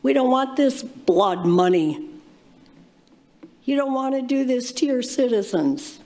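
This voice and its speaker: Woman, fairly high voice, impassioned and accusatory, rambling at a council podium. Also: expressive, takes it slowly, a little mellow. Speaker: public commenter. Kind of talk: public comment at a council meeting.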